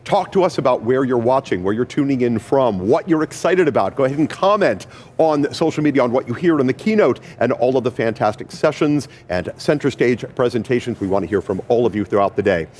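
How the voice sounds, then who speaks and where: A man's voice: mid-range voice, animated, fairly quick, a little mellow, a little hiss or hum. A man hosting a live event broadcast, upbeat and enthusiastic as he hands off to co-hosts. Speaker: broadcast host.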